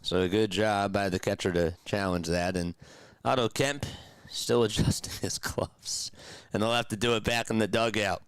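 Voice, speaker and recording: A man's voice: lowish voice, normal speed, clear, resonant tone, dry recording. A young man calling a game radio-style from a stream, chatting with his viewers and mixing calls with sarcastic opinion. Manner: chatty, talks to chat, sarcastic asides; animated, jumps between calls and opinions. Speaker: play-by-play host. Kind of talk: radio-style play-by-play commentary.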